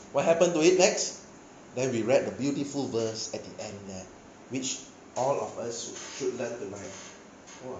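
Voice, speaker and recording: Pastor guy, kinda high voice, preaching in an echoey hall w faint hiss. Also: highs cut off. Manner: animated, asks the audience questions, swings between loud and soft. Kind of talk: sermon.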